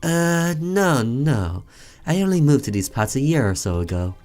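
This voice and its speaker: A man's voice: medium pitch, very animated, normal speed, darkish tone, soft background music, voice pushed up, close to an everyday voice. A man voicing a nervous, overly polite male neighbor who apologizes and fusses as he speaks. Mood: flustered polite. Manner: apologetic and fussy.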